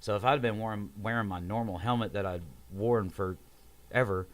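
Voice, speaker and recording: Young man, low-pitched, casual storyteller who acts out every voice. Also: normal speed. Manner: animated, acts out quoted voices, swears. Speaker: podcast guest telling a story.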